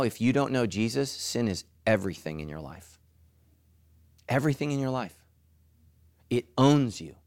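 A middle-aged man preaching a sermon as pastor, animated, who leaps into high mocking voices for asides. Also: dry recording, clean studio sound.

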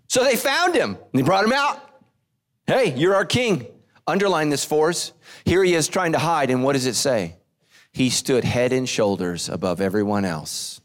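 A middle-aged man preaching a sermon with animated delivery, acting out quotes in shifting voices. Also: a little high. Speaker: pastor.

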